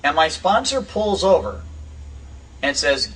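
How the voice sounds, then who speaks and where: A man spins a casual, lively tale in quick bursts, chuckling as he goes. His voice is bright and slightly high. He sits a little back from the microphone. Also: slightly rough, distant mic, poor audio. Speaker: storyteller on a recovery radio show. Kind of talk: casual spoken anecdote.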